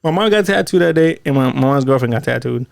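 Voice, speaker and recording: A man hosting a casual podcast chat, rattling off stories at a fast clip. His voice has a gravelly fry, and he swears freely and jumps into quoted lines. The sound is dry and close, with no room around it. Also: mid-range voice, expressive, no room sound. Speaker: podcast host.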